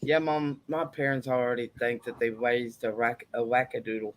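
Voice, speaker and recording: A woman's voice: very deep voice, little pitch movement, normal speed. A woman joking around in casual chat and making silly sound effects. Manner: playful, jokey, makes silly sound effects.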